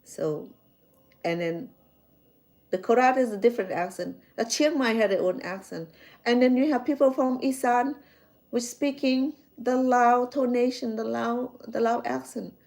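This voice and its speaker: A woman's voice: on the high side, unhurried, vocal fry, darkish tone. A woman from Cambodia with a Cambodian accent, a chef chatting casually to her viewers, repeating words and checking in with "okay?". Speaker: chef and host.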